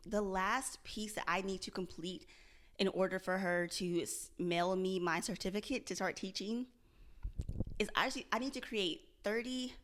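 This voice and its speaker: A young woman with a mid-range, slightly bright voice records a candid confessional vlog about her struggles. She is earnest and self-searching, frequently repeating and restarting phrases.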